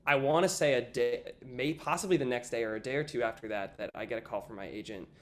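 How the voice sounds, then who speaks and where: A young man in an interview, telling a story in a lively casual way, often saying "like" and acting out what people said. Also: mid-range voice, fast. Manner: animated, acts out quoted voices, frequent "like". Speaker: guest, stage actor.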